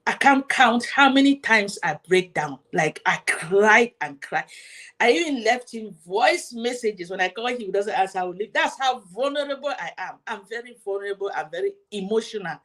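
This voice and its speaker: A woman hosting her own show tells her viewers a personal story, emotional and repetitive, and speaks straight to her audience. Her voice is on the high side and fairly bright, animated and brisk with few pauses.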